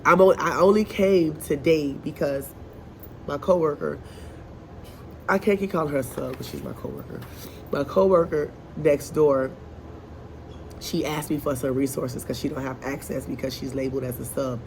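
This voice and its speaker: There's a little hiss or hum as a woman, a first grade teacher, vents on a casual vlog in her classroom. Her low, somewhat mellow voice carries exasperated chatter with lots of asides, and she seems congested and short of breath.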